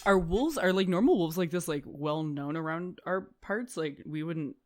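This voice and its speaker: A woman's voice: on the low side, animated, normal speed, noisy background. A woman playing a tabletop game, making chatty, joking asides. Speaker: player. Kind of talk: casual tabletop role-play.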